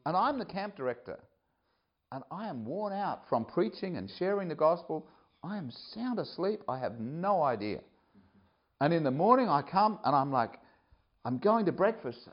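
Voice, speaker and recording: Animated male preacher telling a story. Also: mid-range voice, normal speed, long pauses, dull audio. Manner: animated, rising excitedly when telling the story, with laughs. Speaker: preacher, camp director. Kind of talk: sermon storytelling.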